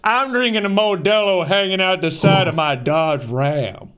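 A man's voice: high voice, a little slow, a bit bright, clean tone. A man co-hosting a podcast in casual chat, crude, profane and joking. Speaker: podcast co-host.

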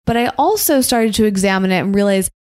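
Female video creator as interview guest, thoughtful and candid, unhurried. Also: medium pitch, lively intonation, darkish tone. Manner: reflective, measured, frank. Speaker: YouTuber and guest. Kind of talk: casual interview.

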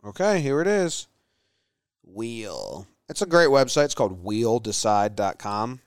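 A man's voice: medium pitch, big pitch swings, unhurried, clear, resonant tone, dry recording. A man co-hosting a casual sports podcast, reading stats and making dry, joking asides. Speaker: podcast co-host.

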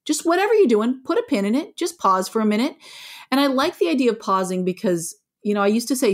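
A woman's voice: a little high, fast talker. A middle-aged woman, a parenting author, talking frankly and with animation in an interview. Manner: frank, animated, plainspoken with mild swearing. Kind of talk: conversational interview.

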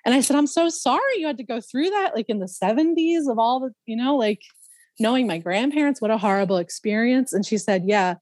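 Telling a personal story as a podcast guest, a woman speaks a little fast in a voice on the high side. She's casual and animated, laughing frequently and mimicking other people, with no echo in the recording.

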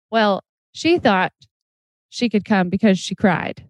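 A woman co-hosting a casual chat who tells quick anecdotes and laughs along. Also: mid-range voice, expressive, dry recording. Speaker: podcast co-host.

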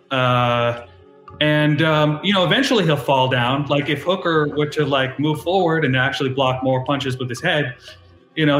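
Man speaking as a brash fighter, rambling, halting, filler-heavy, slightly high voice, echoey room sound. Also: fairly bright tone, lightly acted. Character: adult male fighter, brash and reckless. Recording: roomy echo.

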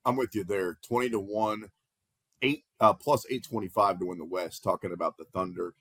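A man's voice: fairly low pitch, normal speed, a bit bright, breathy edge, no room sound. Jokey male sports podcast host. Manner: jokey, plugs betting odds. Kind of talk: sports betting podcast chat.

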